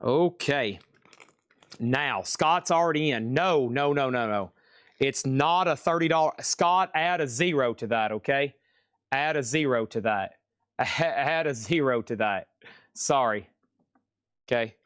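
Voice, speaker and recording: A man hosting a live-streamed record auction, calling bids and sales in a fast, chatty, upbeat patter. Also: medium pitch, animated, fairly bright tone, clear, resonant tone, dry recording, studio quality.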